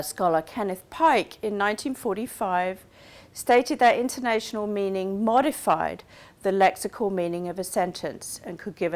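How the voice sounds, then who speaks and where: A woman delivers a recorded university course lecture. She speaks clearly and steadily in a mid-range voice, explaining ideas step by step with the odd restart. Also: mid-range voice.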